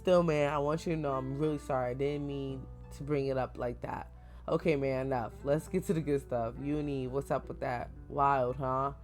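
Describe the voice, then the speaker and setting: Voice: medium pitch, fairly even intonation, normal speed, soft background music, close to an everyday voice. A reader voicing a laid-back, apologetic teenage boy friend who talks in slang.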